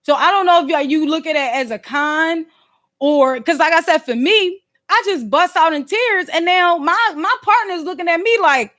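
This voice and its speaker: Philly woman on a phone livestream, high voice, loud and slangy, keeps asking "you know what i'm saying". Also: moderate pace. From Philadelphia. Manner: animated and slangy, fond of rhetorical asides; loud and emphatic, sometimes snapping. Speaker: podcast host and livestreamer. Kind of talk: casual livestream chat.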